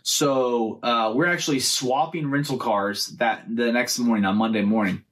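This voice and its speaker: A man hosting a podcast, telling an animated story about a bad day, laughing at his own misfortune. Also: mid-range voice, moderate pace. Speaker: podcast host. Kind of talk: casual storytelling.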